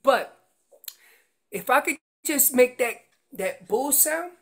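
An animated man teaching elk calling as a guest instructor. He explains each call step by step and speaks with emphatic energy, like a hands-on coach. His tone stays practical and instructional. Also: very high-pitched, slow pace, very noisy. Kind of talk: instructional demonstration.

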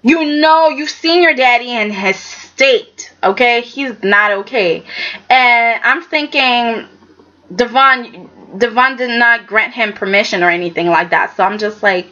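Here the soap recap vlogger sounds lo-fi, her voice sitting on the high side. She stays lively and sassy, chatting casually and voicing the characters' dialogue herself.

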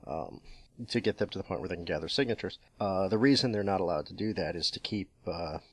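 A man's voice: low voice, expressive, fast, breathy edge, dry recording. A man from New England co-hosting a podcast, talking in opinionated casual chat and telling stories with acted inner voices. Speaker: podcast co-host.

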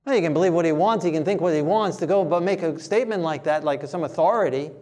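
A man preaching a sermon, forceful and plain-spoken, mocking timid voices as he quotes them. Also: fairly high pitch, fast.

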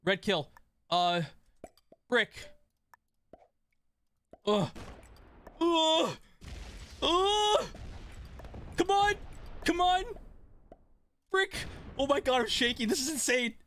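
Excitable male streamer, bright and lively. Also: extremely high pitch, takes it slowly, long pauses, a little hiss or hum. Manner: excitable, swings between shouting and muttering; swears mildly, talks to chat. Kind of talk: live gameplay streaming.

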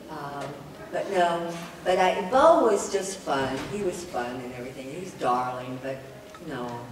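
An older voice actress chatting on a convention panel, laughing often and restarting her sentences. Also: fairly low pitch. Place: large convention hall. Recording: echoey hall recording from far off, noisy.

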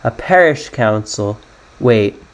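This young gaming YouTuber from the United States has a lowish voice with lively intonation and a slow pace. He rambles through a geography guessing game, thinking aloud and poking fun at himself in a casual way.

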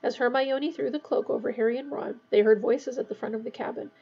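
A woman reading a novel aloud in a steady storytelling voice, adding brief asides of her own. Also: a little high, a little fast, vocal fry, breathy edge, dull audio. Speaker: reader.

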